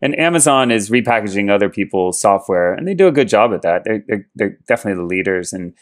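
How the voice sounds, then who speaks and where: A low-pitched man answering interview questions as a company head. He talks in a measured, explanatory way and pauses with fillers as he thinks. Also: expressive. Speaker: company CEO guest.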